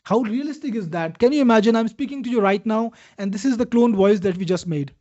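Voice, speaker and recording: A man with an Indian accent runs a live software demo in a chatty, pitching way, calling out viewers by name. His voice sits fairly high but mellow and warm in tone. The webinar audio is dull and lo-fi. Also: quick pace. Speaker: webinar host demoing software.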